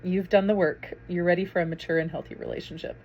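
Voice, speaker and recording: A woman talks straight to her camera in a casual vlog. Her voice sits a little low, and her delivery is effusive and chatty, with laughs breaking in often. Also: fairly even intonation, quick pace, highs cut off, very noisy. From Minnesota. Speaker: parent vlogger.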